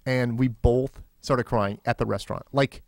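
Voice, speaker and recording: A man co-hosting a casual comedy podcast, telling animated, jokey anecdotes. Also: mid-range voice, moderate pace, creaky, no echo. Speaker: podcast co-host.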